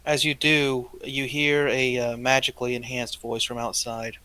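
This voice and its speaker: A man narrating as game master in a tabletop game, describing scenes briskly with occasional fillers. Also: mid-range voice, flat delivery, pushed and bright, clear, resonant tone.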